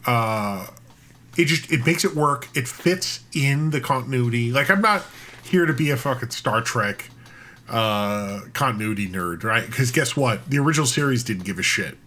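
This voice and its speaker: A man co-hosting a podcast in casual chat, animated and rambling, with frequent restarts and casual swearing. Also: mid-range voice, moderate pace. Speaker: podcast co-host.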